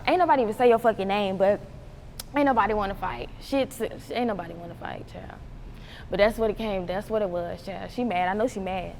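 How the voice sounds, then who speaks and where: A young woman from North Carolina, telling stories as an interview guest in an animated, profane way, laughing often and acting out voices. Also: mid-range voice, fast talker, creaky, big-room sound, slight background noise. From North Carolina, USA. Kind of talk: casual storytelling interview.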